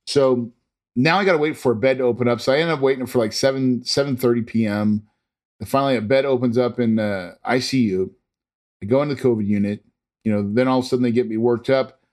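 A man's voice: mid-range voice, a little fast, darkish tone. A man earnestly telling a personal story in a casual, rambling way, with frequent restarts and fillers. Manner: imitates monitor beeps.

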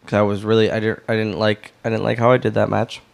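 A man guesting on a podcast, telling a backstage story in a lively way and swearing freely. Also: lowish voice, fast, gravelly.

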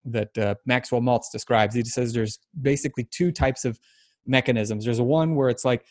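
A man hosting a podcast, explaining ideas thoughtfully with many pauses. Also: medium pitch, no echo, clean studio sound. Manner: thoughtful, explanatory, halting with fillers. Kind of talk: casual podcast chat.

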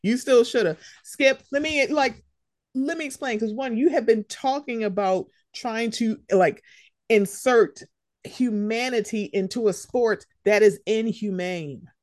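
Woman podcast host ranting bluntly about sports, kinda high voice, dry close mic. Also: measured pace, no room sound. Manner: blunt, profane and animated, often mimicking others. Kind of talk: casual sports commentary chat.

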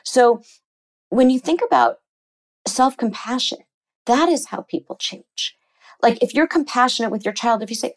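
A middle-aged woman therapist explaining things earnestly in an interview, lively when she quotes people. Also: fairly high pitch, normal speed, long pauses, low-quality recording. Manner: earnest, explanatory, animated when quoting others. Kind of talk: interview conversation.

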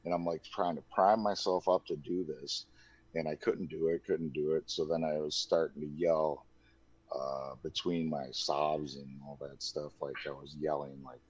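A man's voice: a bass voice, fairly even intonation, normal speed, a little mellow, breathy edge. A man in his thirties telling his own story in a loose, candid way, full of "like" and "dude". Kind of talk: casual personal storytelling. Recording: dull lo-fi dry recording.

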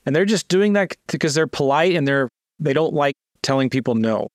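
Brisk and animated with a fairly high voice, a man works through a real estate sales script in casual screen-share teaching. Seller calls are acted out in a lifted, eager voice, set between plain explanation with fillers and restarts. The audio is studio quality, without echo.

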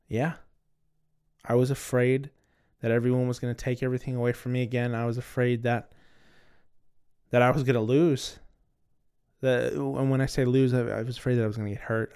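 A man's voice: mid-range voice, a little mellow, clear, resonant tone. A man hosting a podcast and telling a personal story in a candid, casual way. He swears freely and repeats words as he restarts. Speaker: podcast host. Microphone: recording on two cameras.

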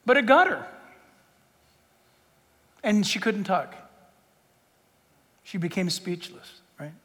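A middle-aged male pastor preaching a sermon, emphatic and full of rhetorical questions, swinging between loud declarations and hushed asides. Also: high voice, sing-song, takes it slowly. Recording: long reverb of a big hall.

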